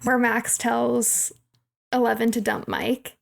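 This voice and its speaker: A young woman co-hosts a movie podcast, casually recapping a film, laughing often and acting out quotes. Her voice is on the high side and creaky, with a level tone and slow pace.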